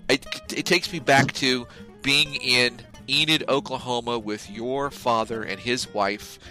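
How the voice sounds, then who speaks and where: A man's voice: medium pitch, fairly even intonation, a little slow, bright, forceful tone, faint music behind, rough recording. A man co-hosting a casual podcast, talking in a rambling, profane, jokey way. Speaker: podcast co-host. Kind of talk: casual chat, reading a joke ad.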